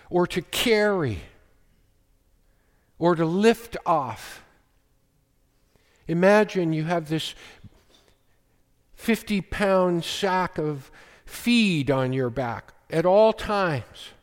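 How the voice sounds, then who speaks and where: Man, pastor, sermon, slow deliberate delivery, fairly high voice, long church reverb. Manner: slow, emphatic preaching with quoted scripture.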